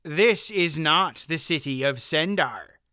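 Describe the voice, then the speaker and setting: A man voicing a stubborn, pious older male farmer who speaks firmly and flatly. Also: a little high, slow, dry recording, clean studio sound, exaggerated voice. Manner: firm, flat, stubborn.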